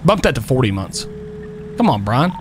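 A man streaming a police role-play game, talking in excitable slang and laughing a lot. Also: mid-range voice, moderate pace, noisy background. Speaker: streamer playing a police officer.

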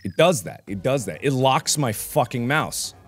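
A young man hosting a gaming video, swearing a lot as he swings from low muttering to angry yelling. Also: lively intonation, moderate pace, slightly rough, soft background music. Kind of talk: frustrated let's play commentary.

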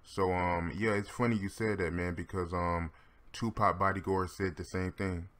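A man's voice: low voice, fairly even intonation, moderate pace, fairly bright tone. A man hosting an interview, laid-back, adding short agreeing remarks. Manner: laid-back, brief affirmations. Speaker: interview host. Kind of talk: interview questions.

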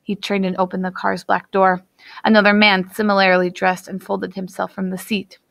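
A woman narrating a novel aloud in a steady, even reading style. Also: mid-range voice, normal speed, vocal fry, no echo. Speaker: audiobook reader. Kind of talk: storybook narration.

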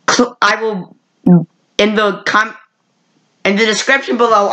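A woman talks to her channel's viewers about old cartoons in an unscripted, rambling way. She restarts and corrects herself often. Her voice sits in a middle pitch range but jumps up sharply when she exclaims. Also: pushed and bright, low-quality recording. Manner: rambling, with frequent self-corrections. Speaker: vlogger reviewing old cartoons. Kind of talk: casual unscripted review.

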